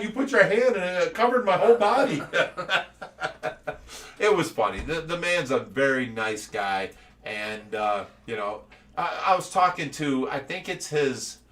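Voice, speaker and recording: A man from Ohio hosts a relaxed live stream and tells stories in an animated way, laughing often. His voice is bright and forceful and sits a little high. He sounds set back from the microphone. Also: far from the mic. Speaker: show host. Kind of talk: casual live-stream chat.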